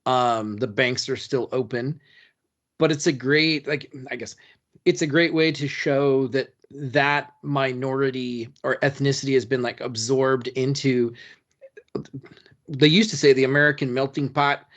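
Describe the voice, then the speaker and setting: A man's voice: mid-range voice, fairly even intonation, unhurried, a bit bright, dull audio. Thoughtful rambling male co-host. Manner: thoughtful, rambling explanations with fillers. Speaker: podcast co-host. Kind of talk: casual chat.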